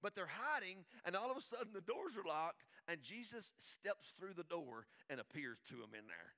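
Preacher guy, lively storytelling sermon, bright edgy voice, bit high. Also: normal speed. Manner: animated, emphatic storytelling. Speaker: pastor.

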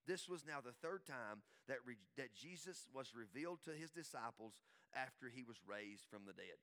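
Bright, emphatic preaching man. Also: medium pitch, normal speed. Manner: animated, emphatic storytelling. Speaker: pastor. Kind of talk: sermon.

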